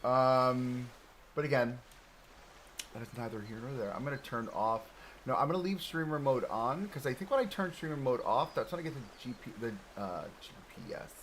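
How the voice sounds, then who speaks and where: A man's voice: medium pitch, animated, normal speed, a bit bright, slight background noise, rough recording. Easygoing man streaming a game. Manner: chatty, easygoing, self-deprecating, laughs often. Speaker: live-streamer host. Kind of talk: casual live-stream chat while playing. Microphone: desk microphone close in front.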